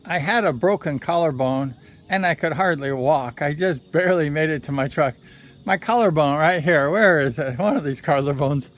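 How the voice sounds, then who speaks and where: A man's voice: a little high, normal speed, muffled recording, faint music behind. A man and former motorcycle racer telling a story in a rambling, conversational way, sometimes correcting himself. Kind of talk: casual storytelling vlog.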